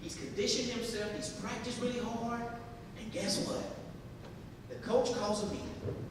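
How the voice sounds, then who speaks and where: A man giving a motivational speech, telling a story in a dramatic, animated way. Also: measured pace. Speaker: speaker. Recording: echoey hall from far off, low rumble.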